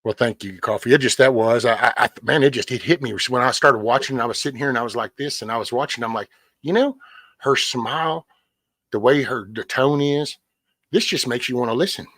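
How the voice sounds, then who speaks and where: A man's voice: mid-range voice, brisk, fairly bright tone, no room sound. A middle-aged man, rambling casually on a livestream and answering chat by name. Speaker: livestream host. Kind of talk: casual live-stream chat.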